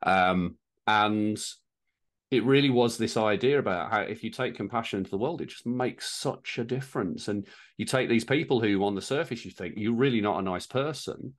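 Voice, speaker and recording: A low-voiced man co-hosts a casual podcast conversation. He thinks aloud, circles back on his words and drops wry asides as he goes. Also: moderate pace. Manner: reflective, rambling, with restarts and wry asides. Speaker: podcast co-host. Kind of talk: casual chat.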